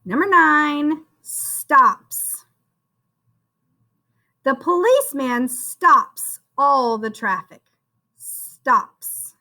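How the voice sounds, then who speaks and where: High, lively woman teaching phonics. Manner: slow, sing-song, encouraging, calls the listener "friend". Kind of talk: phonics spelling lesson for young children.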